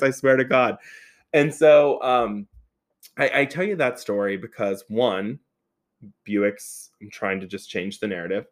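Lively, swearing man with a lowish voice. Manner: animated, profane, laughs while telling. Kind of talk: casual anecdotal storytelling.

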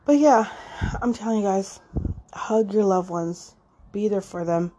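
A woman's voice: medium pitch, unhurried, dark tone, slight background noise. A woman in her thirties talking casually and emotionally on her podcast, swearing freely and using lots of fillers. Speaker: podcast host. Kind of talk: casual personal monologue.

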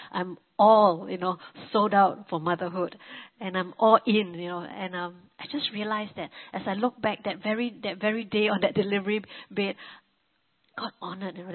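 A woman gives a sermon as a personal testimony, speaking at a middling pitch. She talks conversationally, circling back with "you know" and restarting her sentences. The recording is thin and narrow, as if heard down a phone line. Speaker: preacher.

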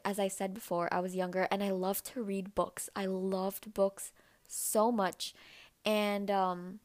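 A young woman in casual storytelling mode, chatting on her own podcast. She talks loosely with plenty of "like" fillers, at an ordinary middle pitch. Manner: chatty, many "like" fillers, acts out quoted voices in a higher pitch. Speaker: podcast host.

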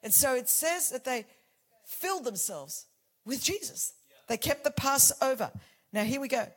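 A woman in her forties delivers a fervent sermon in a high, bright voice. She drops to near-whispers for intimate points, then rises to shouted declarations. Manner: passionate, swings from hushed to shouting. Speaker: preacher.

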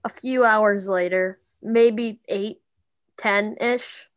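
A woman narrating a tabletop game as game master, in a casual, halting way with many fillers. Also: medium pitch, steady tone, clean tone, no room sound.

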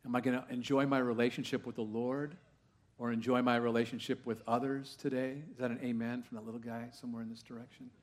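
A man preaching a sermon to a live congregation in a church, in a conversational style full of questions, swinging from hushed asides to loud, rising exclamations. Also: medium pitch, flat delivery, fast talker. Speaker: pastor.

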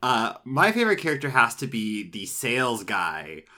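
A man chats casually on a podcast, animated and quick to laugh. His voice is bright and forward. His pitch swings widely as he talks. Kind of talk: casual chat.

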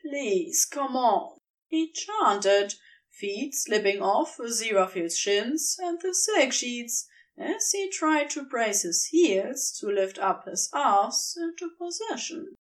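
Brief: female audiobook-style narrator, unhurried and animated in pitch. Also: recorded from a distance. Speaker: podfic reader. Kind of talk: scripted narration.

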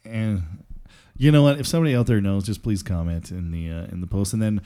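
A man's voice: on the low side, a little fast, mellow. A man hosting a podcast in casual chat, joking and rambling with fillers. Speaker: podcast host.

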